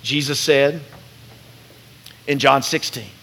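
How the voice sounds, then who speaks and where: A pastor with a medium-pitched, gravelly voice preaches a sermon, acting out quoted voices with animation. At tender moments he turns soft and slow.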